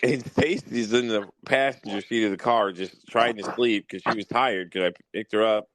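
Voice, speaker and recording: A man's voice: on the low side, a bit bright, slight background noise, poor audio. A young adult man hosting a casual podcast chat, telling profane stories and getting worked up as he talks. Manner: profane, storytelling, gets worked up. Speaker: podcast host.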